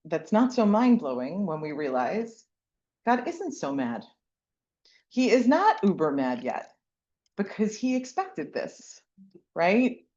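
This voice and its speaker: A woman and mother of young kids teaching a lively Torah class, often asking "right?" and acting out the lines she quotes. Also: on the high side, dull audio. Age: adult parent with young kids. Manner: animated, keeps asking "right?", acts out quotes. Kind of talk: lively Bible class lecture.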